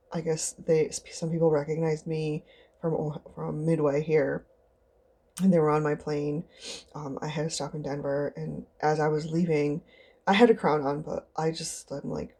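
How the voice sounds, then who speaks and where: A young woman telling a rambling, chatty story for her vlog, often jumping into high squeaky voices to act out other people. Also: mellow. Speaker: vlogger.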